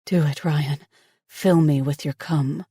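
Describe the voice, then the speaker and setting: A man voicing an eager young woman in a romance audiobook, excited and breathy as she talks. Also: a little high, takes it slowly, dry recording, studio quality. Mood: breathless.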